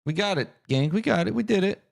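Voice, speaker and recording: Male streamer, casual live chat, thinks out loud, answers chat, animated and expressive. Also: high voice, fast talker, gravelly. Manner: chatty, thinks aloud, answers viewer chat. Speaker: streamer and game master.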